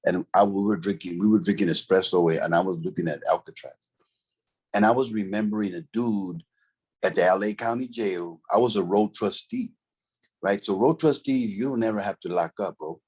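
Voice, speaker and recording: A man's voice: fairly low pitch, normal speed, a little mellow, breathy edge. A middle-aged man, telling a story from his past in a casual, profane, streetwise way, full of "bro" and "right?". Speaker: interview guest, former convict.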